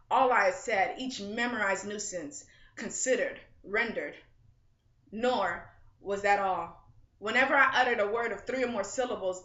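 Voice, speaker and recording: A young woman student earnestly reading a first-person story passage aloud in a measured way for a class assignment. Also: medium pitch, a bit bright. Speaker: student reader. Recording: dull, roomy recording.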